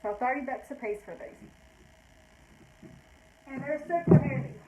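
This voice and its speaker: A woman's voice: sits high, expressive, measured pace, mellow, slight background noise, poor audio. Breathless chatty older woman selling vintage. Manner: chatty, rambling, self-correcting. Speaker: vintage shop owner. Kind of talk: casual live sale talk.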